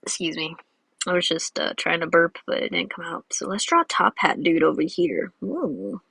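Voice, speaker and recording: A woman's voice: lowish voice, normal speed, creaky, a bit bright, husky, no room sound. A woman giving casual, rambling, giggly commentary while she draws. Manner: rambling and giggly, many fillers. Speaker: drawing video creator.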